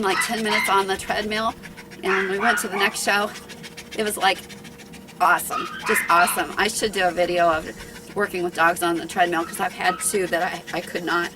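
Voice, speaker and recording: The recording is very noisy as a middle-aged woman, a dog breeder, talks in a mid-range voice at a moderate pace on her home video. She chats loosely and rambles, somewhat out of breath, often restarting and using fillers.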